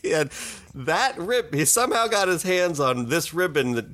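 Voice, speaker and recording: A man telling an improvised comic story in a mock-spooky, deadpan way, as host. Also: a little high, normal speed, a little hiss or hum.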